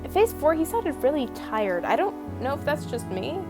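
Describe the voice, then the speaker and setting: A woman's voice: high-pitched, sing-song, normal speed, mellow, faint music behind. A young woman narrating a scripted video essay in a wry, opinionated, casually profane manner.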